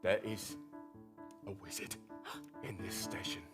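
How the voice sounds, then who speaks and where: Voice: medium pitch, big pitch swings, fast talker, over music, lightly acted. An actor voicing an ominous guardian bin. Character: grim guardian rubbish bin. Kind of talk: improvised musical comedy.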